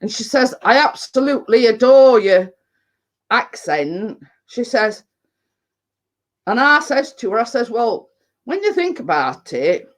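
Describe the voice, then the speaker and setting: Her mid-range voice has a slight brightness as she chats on a live stream. She's an English baking vlogger, blunt and meandering, leaning heavily on fillers and "you know what I mean."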